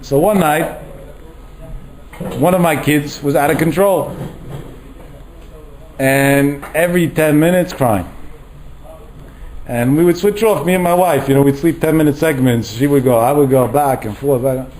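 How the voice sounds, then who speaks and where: Mellow-voiced male Torah lecturer. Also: on the high side, measured pace, pauses often, low-quality recording. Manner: animated, acts out quoted voices. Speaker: rabbi lecturer.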